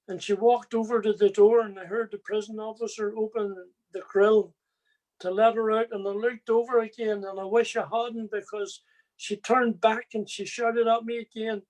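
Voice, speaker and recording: A man's voice: high voice, fairly even intonation, normal speed, rough recording. A middle-aged man from Ireland, telling his own life story as an earnest testimony and speaking straight to his listeners. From Northern Ireland. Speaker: former prisoner giving testimony.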